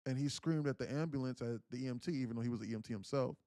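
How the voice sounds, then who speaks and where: Slangy, dry-voiced young livestream host. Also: male voice, medium pitch, very fast, no room sound. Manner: emotional storyteller, acts out quoted pleas loudly; casual slangy speech with frequent fillers. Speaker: day trading livestream host. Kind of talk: casual livestream storytelling.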